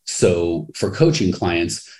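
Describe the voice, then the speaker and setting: A man hosting a podcast and coaching a guest, talking enthusiastically with big swings in pitch. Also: animated, slow, a little mellow. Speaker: business coach and podcast host. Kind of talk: podcast interview.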